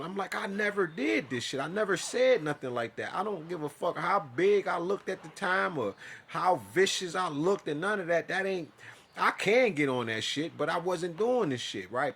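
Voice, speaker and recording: A man's voice: fairly high pitch, vocal fry, fairly bright tone, slightly rough. A man telling his own story in a casual, profane monologue, acting out his side of conversations.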